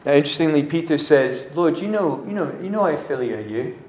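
A man's voice: a little high, expressive, brisk, a little mellow. A man preaching a casual, chatty sermon, often acting out the dialogue. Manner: conversational, uses "like" and acts out dialogue. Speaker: pastor. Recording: echoey room.

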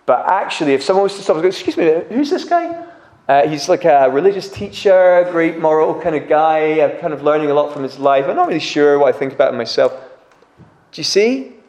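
Man preaching, a bit high-pitched, animated, echoey church hall. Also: fairly quick. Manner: animated, acts out crowd voices. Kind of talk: sermon. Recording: echoey room.

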